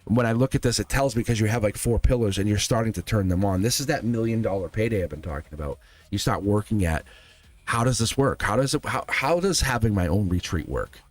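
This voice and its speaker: A man's voice: on the low side, expressive, brisk. A man giving a live tarot reading, speaking earnestly and emphatically straight to the viewer. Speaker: tarot reader.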